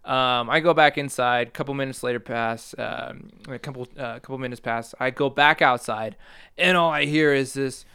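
A man's voice: mid-range voice, normal speed, pushed and bright, smooth. A young man casually telling a rambling, self-mocking story, laughing as he goes. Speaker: storyteller guest.

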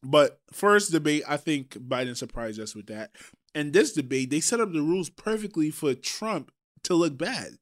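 Man from Trinidad, podcast co-host, somewhat high voice, animated, swears casually. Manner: animated, swearing, quick asides.

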